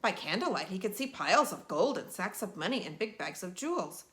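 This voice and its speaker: A woman reading a picture book aloud in an expressive, animated way. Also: mid-range voice, brisk. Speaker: storyteller.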